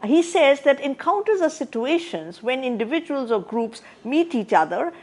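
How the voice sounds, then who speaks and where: A woman lecturing on sociology in a measured academic style, with frequent "uh" fillers and restarts. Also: sits high, sing-song, a little mellow.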